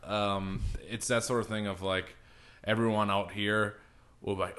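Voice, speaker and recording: A man's voice: sits low, flat delivery, pushed and bright. A man from Quincy with a faint Boston accent, chatting as a podcast guest, rambling with lots of restarts and fillers. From Quincy, Massachusetts. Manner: rambling, halting, many restarts. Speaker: podcast guest, sketch comedian. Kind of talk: casual chat.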